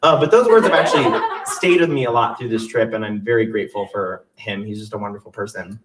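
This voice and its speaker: A man's voice: fairly low pitch, fast talker, fairly bright tone, distant mic, a little hiss or hum. A young man telling a funny personal story on stage in a chatty, self-mocking way. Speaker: solo stage performer. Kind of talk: storytelling monologue with songs.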